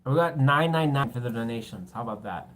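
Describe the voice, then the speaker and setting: A woman's voice: a bass voice, expressive, fairly quick, soft background music. A woman giving a casual tarot reading, rambling and joking between cards and swearing now and then. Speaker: tarot reader.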